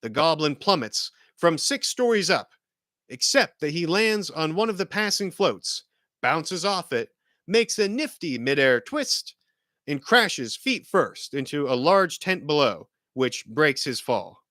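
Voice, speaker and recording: A man hosting a show, reading an action film script aloud in a vivid, energetic narrating manner. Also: fairly high pitch, unhurried, no echo, studio quality.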